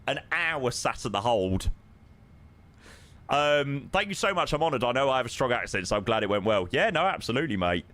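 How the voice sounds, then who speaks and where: A man's voice: mid-range voice, big pitch swings, a little fast, bright, forceful tone. A man chatting casually on a live stream, answering viewers with plenty of ums and friendly "mate"s. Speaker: live streamer flying a flight simulator.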